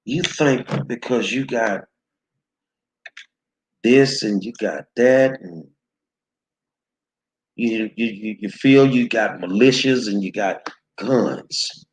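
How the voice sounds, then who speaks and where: A man's voice: fairly low pitch, takes it slowly, long pauses. A man hosting his own show, delivering heated, profane commentary straight at his viewers, confrontational and stumbling over repeated words. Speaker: show host.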